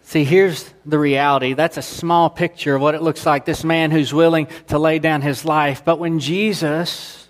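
A man's voice: fairly high pitch, steady tone, moderate pace, few pauses. A man preaching a sermon, earnest and building through emphatic repetition. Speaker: pastor.

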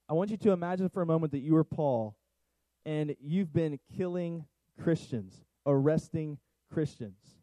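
A man's voice: a little high, warm tone, no echo, rough recording. A middle-aged man preaching a sermon, talking conversationally and asking the congregation questions. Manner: conversational, asks the crowd questions. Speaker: pastor.

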